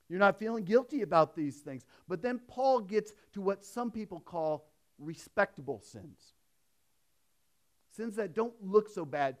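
Conversational preacher, slightly high voice. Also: male voice, animated, moderate pace. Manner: swings between emphatic raised delivery and hushed storytelling; conversational, with restarts and asides. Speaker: pastor. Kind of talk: sermon.

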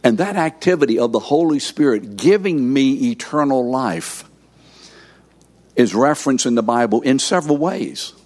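A middle-aged man preaching, teaching in a deliberate way and prompting the audience to fill in words. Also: medium pitch, lively intonation, darkish tone. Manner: slow, deliberate emphasis. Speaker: pastor teaching a course session. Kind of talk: sermon.

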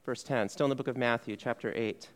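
A man's voice: mid-range voice, fairly even intonation, quick pace. A male pastor giving a sermon in a conversational way, posing questions to the congregation and answering them himself, with frequent "okay"s. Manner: frequent "okay" fillers and restarts.

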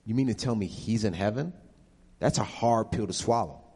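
A man's voice: fairly low pitch, normal speed, breathy edge. Man telling an emotional testimony in a reverberant hall. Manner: emotional, animated storytelling. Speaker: guest giving a testimony. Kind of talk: personal testimony and Q&A.

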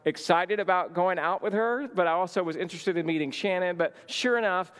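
Male minister with a high voice, a casual storyteller in a church hall with long reverb. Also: fairly quick, smooth. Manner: lively storyteller, many "like" fillers. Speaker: church minister teaching a marriage session. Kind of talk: storytelling sermon.

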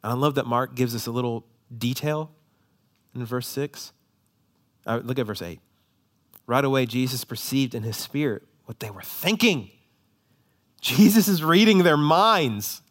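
A man preaching a sermon, moving between hushed, slow passages and emphatic ones, often repeating words as he restarts. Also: medium pitch. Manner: dynamic, shifts between hushed and emphatic delivery; frequent quick repetitions and restarts. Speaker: pastor.

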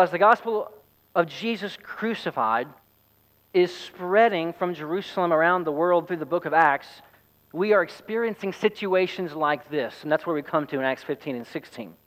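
A man's voice: sits high, fairly bright tone, low-quality recording. A man, a pastor, preaching a sermon in a conversational, storytelling way. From United States.

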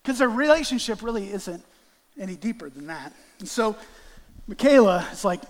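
A man preaching a sermon and acting out a lively illustration with volunteers on stage, calling out playful greetings. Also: high-pitched, normal speed, in a large hall. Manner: animated, acts out greetings with volunteers. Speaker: guest preacher. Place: church sanctuary.

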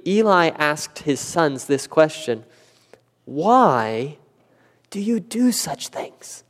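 A man preaching a sermon, animated and acting out quoted questions with a rising voice. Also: fairly high pitch. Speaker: pastor. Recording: long church reverb.

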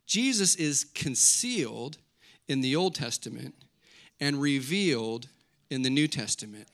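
A man's voice: mid-range voice, a little slow. A man preaching a sermon to a congregation, telling stories with humor and reading scripture with rising emphasis. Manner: animated, joking storytelling preacher. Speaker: pastor.

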